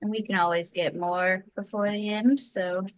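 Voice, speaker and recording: A woman's voice: medium pitch, fairly even intonation, normal speed, no room sound, low-quality recording. A woman playing a tabletop game, talking casually and asking the table before acting. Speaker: player.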